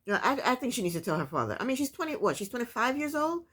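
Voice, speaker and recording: A woman recapping a reality show for her viewers, speaking in a casual and opinionated way. Her pitch moves a lot and her delivery is animated, as she often talks straight to the audience. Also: quick pace. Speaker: TV recap vlogger.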